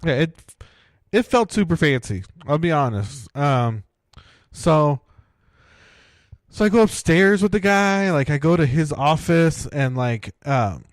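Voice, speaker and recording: A man's voice: a little high, very animated, slow, dry recording, studio quality. A man, co-hosting a podcast and telling a long casual story packed with fillers. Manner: rambling, many "like" and "right?" fillers. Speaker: podcast co-host.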